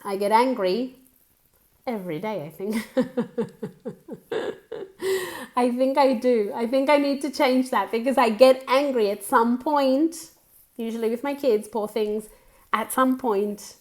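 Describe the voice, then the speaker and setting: A woman's voice: a little high, darkish tone. Bilingual woman teacher drilling phrases. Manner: repeats phrases slowly for practice, chatty asides. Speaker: English teacher. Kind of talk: bilingual language lesson.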